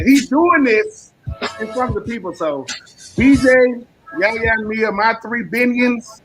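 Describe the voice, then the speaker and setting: Animated man telling family stories. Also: high voice, moderate pace, music in the background. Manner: animated storyteller acting out his kids. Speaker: radio co-host. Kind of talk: casual sports radio chat.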